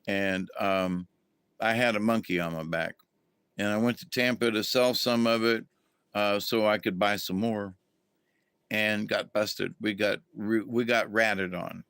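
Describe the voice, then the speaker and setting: Casually storytelling to his live chat, a middle-aged livestream host spins a folksy, rambling tale and greets viewers along the way. His voice is on the low side but a bit bright, with a clean tone and no echo.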